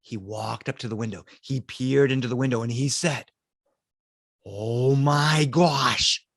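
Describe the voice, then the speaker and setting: A man telling a spooky story for children, animated, swinging between loud cries and hushed lines. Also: mid-range voice, a little fast, creaky, no echo, studio quality.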